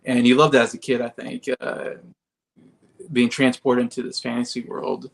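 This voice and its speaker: A man as a podcast guest, rambling in casual chat with many fillers and soft laughs. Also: mid-range voice, little pitch movement, moderate pace, gravelly.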